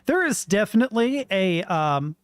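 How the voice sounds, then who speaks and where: A man's voice: sits high, sing-song, normal speed, dry recording, studio quality. An American man in his thirties chatting frankly and rambling while commentating a game he plays. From United States. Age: 30s. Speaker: let's play host. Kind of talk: casual gameplay commentary.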